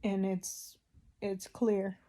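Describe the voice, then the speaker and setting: A woman giving a personal faith testimony, emotional and tearful, speaking haltingly with long pauses. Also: mid-range voice, level tone, dark tone.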